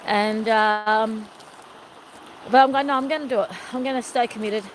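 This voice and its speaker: A woman's voice: fairly high pitch, steady tone, normal speed, noisy background. A middle-aged woman vlogger chatting to her viewers in a meandering, rambling way and often calling them everyone. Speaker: wellness vlogger. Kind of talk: rambling live-stream chat.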